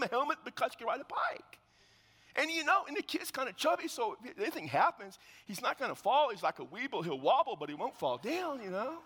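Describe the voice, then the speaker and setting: A man delivers a sermon in a high, bright voice, telling the story with lively, acted-out dialogue. He drops to a hush for the solemn points. His voice rings out with long reverb through a church sanctuary. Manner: animated storytelling, acting out biblical scenes. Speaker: pastor.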